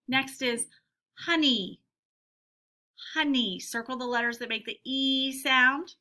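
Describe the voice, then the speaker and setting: A woman teacher giving a phonics lesson to young children, saying each word slowly and clearly twice. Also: high-pitched, sharp tone. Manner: slow, clear word-by-word dictation.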